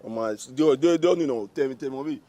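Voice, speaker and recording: An actor playing a harried young man with a Nigerian accent, a boyfriend short of cash who stammers and breaks into shouting. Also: mid-range voice, fairly quick, natural voice. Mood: calmer. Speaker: boyfriend pressed for money.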